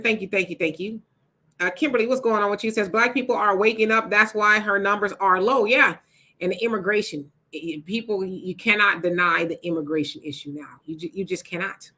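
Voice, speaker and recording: Bright-voiced woman hosting a casual livestream. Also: mid-range voice. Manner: chatty, reads out comments and answers them, many fillers. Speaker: livestream host reading viewer comments.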